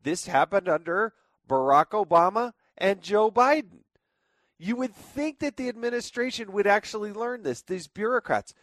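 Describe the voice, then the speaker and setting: Male radio host, fill-in, indignant and emphatic, fairly high voice, dry studio sound, faint music behind. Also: expressive, normal speed, fairly bright tone, no echo. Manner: indignant, emphatic, rhetorical questions. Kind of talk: talk radio commentary.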